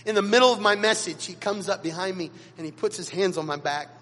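High-voiced male pastor preaching. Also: fast, long reverb tail. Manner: dramatic storytelling with big swings in loudness. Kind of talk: sermon. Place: church sanctuary.

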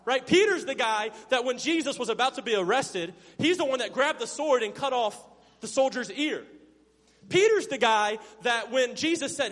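High-voiced male preacher in a reverberant hall. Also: lively intonation, normal speed. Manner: preaching, swinging from loud emphasis to hushed low tones; acts out Bible characters' lines in playful voices. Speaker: pastor. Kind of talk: sermon.

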